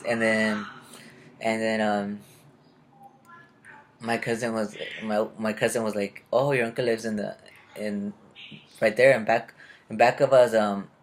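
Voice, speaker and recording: A rambling young vlogger with a fairly low voice tells a casual story over slight background noise. He sounds confused and retells conversations in quotes.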